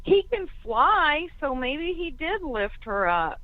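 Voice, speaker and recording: A woman's voice: sits high, big pitch swings, slow pace, no room sound. A woman on a conference call, thinking aloud in a hesitant way with many restarts. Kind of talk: casual discussion on a call. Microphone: phone. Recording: tinny phone line.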